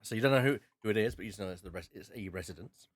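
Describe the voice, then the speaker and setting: A man's voice: fairly low pitch, very fast, dry recording. A man narrating as game master, rambling and restarting often. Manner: rambling, with many fillers and restarts.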